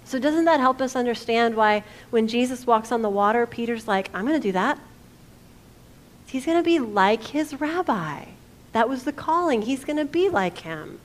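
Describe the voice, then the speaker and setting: A woman pastor, preaching a conversational sermon that asks the congregation questions and drops to a hush for quoted lines. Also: a little high, expressive, moderate pace.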